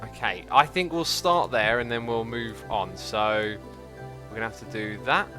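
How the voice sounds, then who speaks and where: A man hosting a live gameplay stream, chatty and excitable, thinking aloud and reading out chat messages. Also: mid-range voice, moderate pace, music in the background. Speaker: livestream host.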